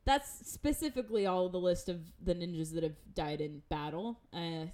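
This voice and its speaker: A woman in casual podcast chat, recapping an anime with animated retelling and acted-out lines, sarcastic and swearing. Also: lowish voice, normal speed.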